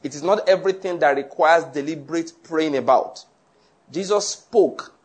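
A man's voice: a little high, normal speed, slightly rough. A man preaching a Bible-study sermon, reading scripture aloud and earnestly repeating his points for emphasis. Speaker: pastor teaching a Bible study.

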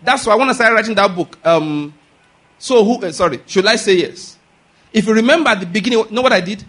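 Male preacher, high voice, emphatic sermon delivery, asks questions and waits for answers. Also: animated, a little fast, a bit bright. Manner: emphatic, asks rhetorical questions and repeats key lines; calls for audience responses.

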